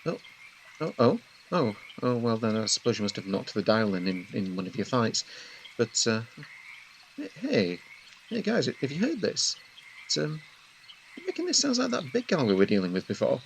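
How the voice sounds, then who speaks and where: A man's voice: mid-range voice, very animated, normal speed, gravelly, a little hiss or hum. A man role-playing a flustered TV host while narrating a game, hesitant and full of fillers, with a dry wry humor. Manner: rambling, hesitant, lots of fillers. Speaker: let's play narrator in character as a TV host. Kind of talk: in-character game commentary.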